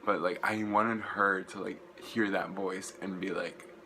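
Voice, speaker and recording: A young man, gushing and rambling through an excited casual vlog recap, full of "like" fillers. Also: sits low, a little slow, slight background noise, rough recording. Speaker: vlogger.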